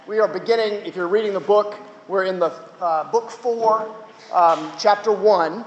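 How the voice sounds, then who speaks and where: A man's voice: high voice, moderate pace, a little hiss or hum. A male chaplain giving an informal teaching to students, chatty, with asides to the audience. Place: chapel hall. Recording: echoey hall, dull lo-fi sound.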